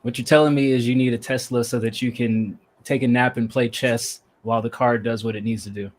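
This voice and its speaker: A man's voice: mid-range voice, steady tone, a little fast. A man from the American South who is a rapper, co-hosting a podcast in casual chat and telling stories in a dry, matter-of-fact way.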